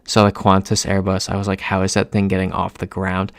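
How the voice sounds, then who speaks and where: A man's voice: low-pitched, monotone, brisk, no echo. A young American man chatting casually on a live stream, reading out chat messages as he plays. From United States.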